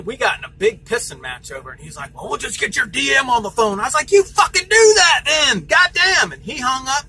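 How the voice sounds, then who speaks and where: A man's voice: sits high, sharp tone, a little hiss or hum, rough recording. A man working as a truck driver, venting angrily in a vlog, swearing and retelling heated phone calls.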